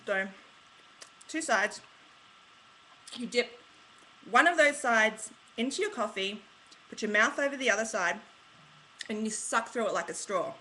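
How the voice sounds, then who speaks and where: An Australian woman vlogs in a loose, chatty way, full of slang and rambling asides. Her voice has a very bright, clear edge, with a faint hiss sitting quietly underneath. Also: on the high side, lively intonation, measured pace, pauses often, rough recording. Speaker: vlogger. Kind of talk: casual chatty vlog.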